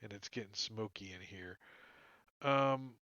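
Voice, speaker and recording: A man's voice: lowish voice, unhurried, sharp tone, lo-fi sound. A man narrating a tabletop game as game master, casual and chuckling, with many "like" and "uh" fillers.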